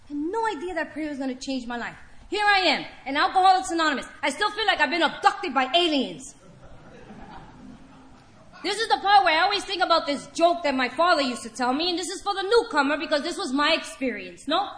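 A woman with a high, bright voice shares her recovery story to a meeting room. She talks candidly, slipping wry humor into hard memories. Her voice rings with the roomy echo of the hall. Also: lively intonation, brisk. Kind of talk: personal testimony share.

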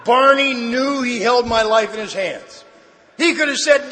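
An older man giving a personal testimony at a recovery convention, telling his story with shouted punchlines and sudden quiet drops. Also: very high-pitched, lively intonation, measured pace, slight background noise. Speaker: recovery meeting speaker. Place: large convention hall. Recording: reverberant hall recording with faint ambience.

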